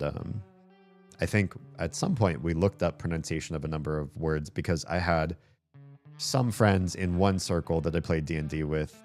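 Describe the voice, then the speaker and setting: A man streaming a game, chatting casually and rambling aloud with plenty of fillers, with faint game music behind him. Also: sits low. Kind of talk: casual gameplay commentary chat.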